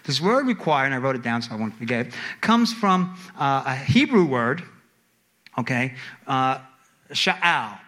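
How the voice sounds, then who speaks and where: A man preaching a sermon to a congregation, reading scripture and asking the room questions, swinging from emphatic pleas to quiet asides. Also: a little slow. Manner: animated, rising to emphatic high pleas then dropping low.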